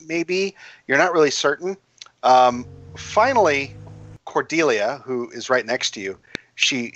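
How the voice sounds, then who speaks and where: A man running a tabletop game, narrating in a bright, forceful voice and stumbling over fillers and restarts. The sound is dry and close, and the recording is dull and lo-fi. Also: medium pitch, no room sound. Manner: halting, full of fillers and restarts. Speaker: game master.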